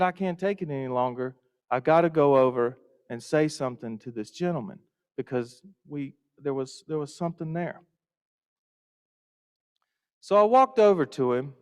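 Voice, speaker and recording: A man's voice: a little high, clean tone. A man giving a folksy storytelling welcome speech to a conference audience. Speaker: Rotary district leader. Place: conference hall. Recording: reverberant hall.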